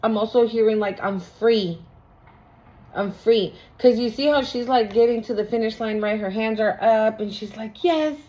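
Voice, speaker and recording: A woman's voice: fairly high pitch, fairly even intonation, moderate pace, dark tone. A woman doing a casual tarot reading, talking bluntly with slang and profanity. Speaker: tarot reader. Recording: lo-fi recording.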